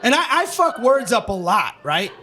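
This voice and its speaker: A middle-aged man doing stand-up comedy on a club stage, brash, profane and often shouting. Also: extremely high pitch, very animated, moderate pace. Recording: live club audio with background noise.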